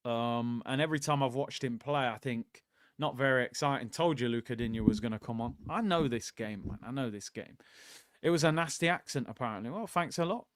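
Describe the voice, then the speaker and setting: A man's voice: medium pitch, fairly quick, no echo, studio quality. Casual man hosting a football watchalong. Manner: casual, opinionated, conversational, addresses viewers directly. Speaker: host of a live football watchalong. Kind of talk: live watchalong commentary, reading out chat.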